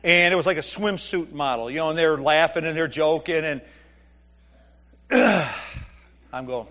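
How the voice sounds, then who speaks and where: In a fairly high, bright, forceful voice, this middle-aged male pastor speaks a little slowly and pauses often. His sermon mixes Bible reading with joking, conversational stories about his family.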